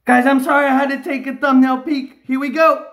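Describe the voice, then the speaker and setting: A man filming himself scratching lottery tickets, bursting into loud repeated exclamations and catchphrases. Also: very high-pitched, steady tone, brisk. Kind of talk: live reaction while scratching tickets. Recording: roomy echo.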